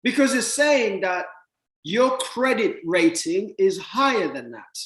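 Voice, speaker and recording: A man giving an animated motivational talk about money, often repeating words and acting out little exchanges with other people. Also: high voice, slow pace, roomy sound, poor audio. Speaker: speaker teaching about money.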